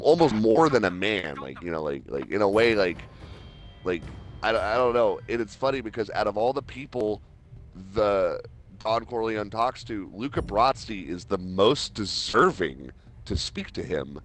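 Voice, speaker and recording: A man's voice: on the low side, animated, a little slow. A young man hosting a game stream, chatting casually and rambling with lots of fillers. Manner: rambling, heavy use of "like". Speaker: host.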